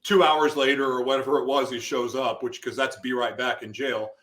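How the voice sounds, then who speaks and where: Bright-voiced man telling an intense story. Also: mid-range voice, level tone, brisk. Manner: intense, emotional storytelling with sudden loud outbursts. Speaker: guest. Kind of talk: personal testimony in interview.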